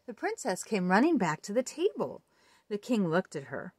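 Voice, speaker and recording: A woman reading a children's picture book aloud in an expressive read-aloud delivery. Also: mid-range voice, moderate pace, slightly rough, dry recording. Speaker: storybook reader.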